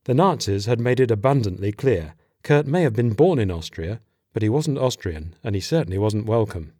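A man narrating an audiobook in a steady, measured voice. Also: fairly low pitch, no room sound, clean studio sound.

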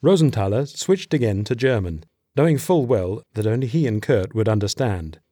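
A man narrating an audiobook in a steady, measured voice. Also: on the low side, slightly rough, dry recording, clean studio sound.

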